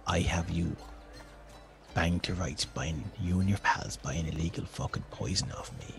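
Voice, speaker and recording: Shrill desperate poison seller. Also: big pitch swings, brisk, soft background music. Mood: hissed threat. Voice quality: high pleading voice, low whispered threats. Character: frantic woman poison seller, later menacing.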